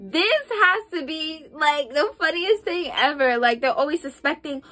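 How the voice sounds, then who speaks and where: A young woman vlogging casual relationship advice, sassy and animated, talking straight to the viewer. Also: high-pitched, measured pace.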